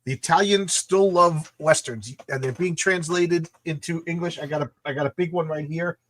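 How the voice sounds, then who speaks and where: A man's voice: fairly high pitch, moderate pace, a bit bright, a little hiss or hum. An American man co-hosting a casual livestream chat, enthusiastic and often repeating words as he thinks. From United States. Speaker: co-host of a comics show.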